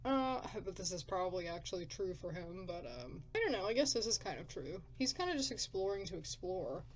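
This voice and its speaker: A woman's voice: medium pitch, animated, fairly quick. Chatty woman thinking aloud over a game. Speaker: gaming video creator. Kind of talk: casual game commentary.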